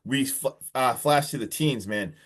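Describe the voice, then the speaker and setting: A young man co-hosting a podcast, casually recapping a horror film in a rambling, animated way with lots of filler words and mild swearing. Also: medium pitch, measured pace. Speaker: podcast co-host reviewing a film.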